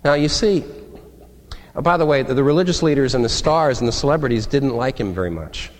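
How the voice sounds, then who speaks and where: A male pastor preaching a sermon in an animated, conversational way, acting out quotes. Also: mid-range voice, a little fast. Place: church sanctuary. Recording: long reverb of a large hall.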